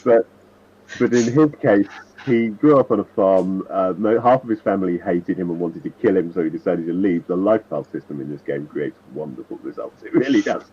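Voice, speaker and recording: A man with a deep, slightly breathy voice chats casually at a tabletop game, talking fairly quickly. He explains his characters in rambling asides, often correcting himself. The lo-fi recording sounds dull, with faint noise.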